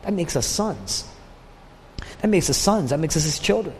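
A male pastor preaching a sermon, swinging from loud declarations down to hushed near-whispers. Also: a little high, sing-song, normal speed, a little hiss or hum. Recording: long hall reverb with faint ambience.

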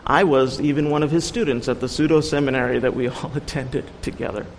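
A man's voice: mid-range voice, steady tone, brisk, long reverb tail, a little hiss or hum, low-quality recording. A man giving an earnest sermon as a guest preacher, telling personal stories with light humor.

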